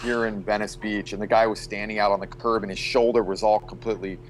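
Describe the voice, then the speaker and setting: A man's voice: on the low side, flat delivery, quick pace, slight background noise. A man joining a podcast as a guest, chatting casually and reacting often with short exclamations. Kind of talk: casual chat.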